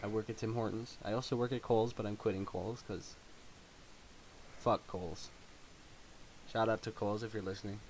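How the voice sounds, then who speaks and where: A man's voice: on the low side, flat delivery, moderate pace, pauses often, a little mellow, rough recording. A young man hosting a podcast in casual chat, joking, laughing often and reading news headlines aloud. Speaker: podcast host. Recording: faint hiss.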